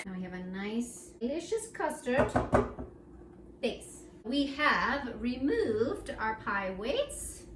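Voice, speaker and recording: Talking to her dough as she bakes, a woman hosts a playful, chatty home cooking tutorial. Her voice is fairly high, with slight background noise, and the kitchen sounds echoey through a distant mic.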